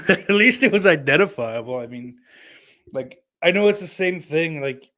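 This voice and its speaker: A man's voice: fairly high pitch, animated, unhurried, fairly bright tone. A man with a Southern accent hosting a podcast, reading listener comments and riffing in a profane, rambling, sardonic way. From New York. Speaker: podcast host.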